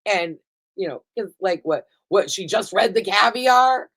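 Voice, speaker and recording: A woman's voice: mid-range voice, lively intonation, a little slow, a bit bright, breathy edge, rough recording. Profane, gushing woman recapping reality TV. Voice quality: profane, gushing, laughs often. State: high. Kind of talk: casual chat.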